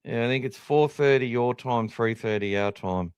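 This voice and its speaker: An Australian man hosting a podcast, chatting casually and rambling a little, teasing himself as he goes. His voice is smooth and clear at a middling pitch, recorded dry and close with no room sound. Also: normal speed, no room sound. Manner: chatty, rambling, self-deprecating. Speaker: podcast host. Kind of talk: casual live-stream chat.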